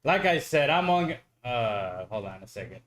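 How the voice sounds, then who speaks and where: A man's voice: medium pitch, sing-song, moderate pace, a bit bright. A man streaming live futures trading who talks to himself, swears and pleads with the market, exasperated at his own mistakes. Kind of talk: live trading commentary to viewers.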